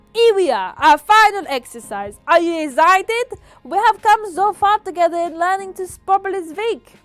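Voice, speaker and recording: A woman doing a hammy put-on accent, lively. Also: very high-pitched, pitched above the performer's own voice, full character voice. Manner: loud, emphatic mock-instructional reading. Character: woman reading a speech lesson in a put-on accent.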